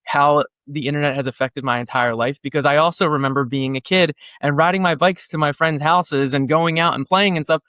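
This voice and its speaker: Rambling man with a raised pitch. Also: fairly even intonation, a little fast, hardly any pauses, fairly bright tone, clean tone, dry recording. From New Jersey. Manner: rambling, heavy "like" fillers, acts out quotes. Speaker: guest musician. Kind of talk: casual interview chat.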